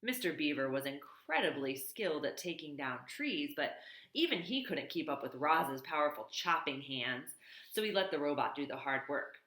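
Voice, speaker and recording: A woman's voice: sits low, animated, moderate pace, fairly bright tone, echoey room, low-quality recording. A woman reading a children's novel aloud, in a plain read-aloud manner with small slips and self-corrections. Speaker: reader.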